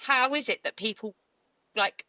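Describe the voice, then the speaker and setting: A woman co-hosting a casual true-crime podcast, animated and outraged, often laughing. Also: fairly high pitch, unhurried, dry recording. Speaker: podcast co-host.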